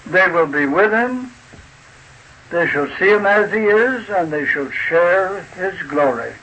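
A man preaching a sermon in a slow, deliberate, folksy way, asking his listeners rhetorical questions. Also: sits high, animated, sharp tone, rough recording. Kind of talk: sermon explaining a chart.

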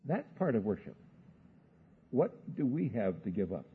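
A man preaching a sermon, telling homely stories in a folksy way and slowing down for searching questions. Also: lowish voice, sing-song, slightly rough. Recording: muffled phone-like sound.

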